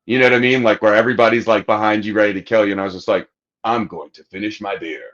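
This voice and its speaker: Here the podcast host talks rapid-fire in a fairly low register, cursing liberally while recounting a long story and voicing the quotes himself. The audio quality is lo-fi.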